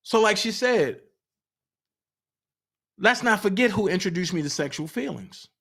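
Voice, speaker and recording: A man's voice: sits high, expressive, measured pace, vocal fry, pushed and bright, breathy edge. Indignant man talking to his chat. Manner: indignant, asks the chat pointed questions. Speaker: livestream host. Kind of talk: heated livestream commentary.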